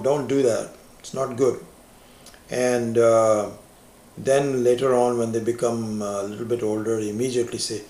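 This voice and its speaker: A man giving a slow, reflective spiritual lecture as a teacher, stressing key words with rising emphasis. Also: medium pitch, gravelly, a little mellow. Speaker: Vedanta teacher. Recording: echoey lecture room.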